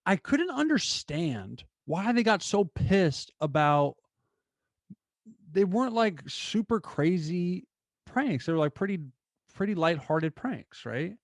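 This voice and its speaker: A young man hosting his own show, telling a story in an animated, casual way with lots of fillers. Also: high-pitched, takes it slowly, no echo, studio quality. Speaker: podcast host.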